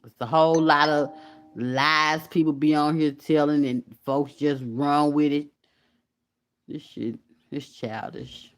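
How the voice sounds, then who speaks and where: A woman's voice: sits low, steady tone, unhurried, clean tone. A woman from Alabama, hosting a casual livestream and talking candidly and emphatically to her viewers. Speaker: YouTube commentary host.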